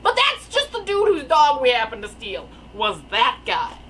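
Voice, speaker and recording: A young woman telling a rambling, animated story in casual storytime style from her attic room. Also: high-pitched, normal speed, a little hiss or hum, rough recording. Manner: rambling, animated, filler-heavy. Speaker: storyteller vlogger. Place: attic bedroom. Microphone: camera mic.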